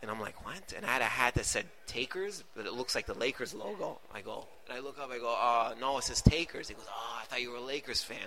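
A man's voice: mid-range voice, expressive, fast, hardly any pauses, a crowd in the background. A man, a stand-up comedian, telling rambling stories in casual podcast chat. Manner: rambling storyteller, acts out voices.

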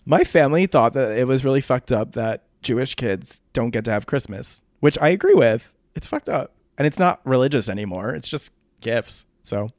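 Man, gravelly, fairly low, dry close sound, laid-back gossip, casual podcast chat. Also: animated, normal speed, a little mellow, no echo. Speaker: podcast co-host.

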